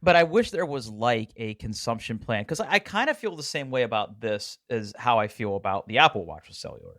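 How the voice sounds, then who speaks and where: Man with a lively, swinging voice, jokey and profane podcast co-host. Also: medium pitch, a little fast. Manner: lively, joking, swears freely. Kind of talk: casual chat.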